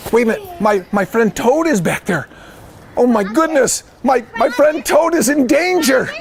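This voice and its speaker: A caring, wise storybook frog, played by a man, gasping with worry and then soothing his friend gently. The voice is high for a man and gravelly. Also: a little slow, heavily acted. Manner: gasping and worried, then calm and kind.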